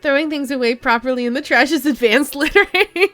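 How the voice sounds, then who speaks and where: A woman's voice: high-pitched, fairly quick, a bit bright. A young woman streaming a narrative game, reading every part aloud and laughing at her own attempts. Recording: dry room with faint music.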